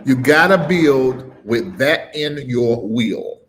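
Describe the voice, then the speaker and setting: A middle-aged man preaching on a live stream, emphatic and informal, swinging between loud punches and low murmurs and repeating phrases with a rising cadence. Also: animated, slow, slight background noise. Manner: informal, dropped verb endings. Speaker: preacher and livestream host.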